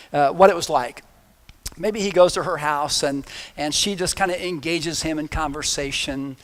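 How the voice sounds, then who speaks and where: Guy pastor preaching, high voice, jokey casual storytelling. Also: a bit bright. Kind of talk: sermon.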